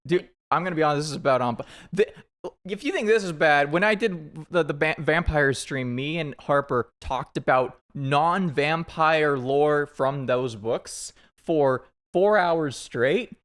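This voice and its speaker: A man's voice: fairly high pitch, measured pace, a bit bright. Chatty guy streaming a game. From United States. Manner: rambling and chatty, with frequent restarts and laughs. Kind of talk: casual chat while playing a game.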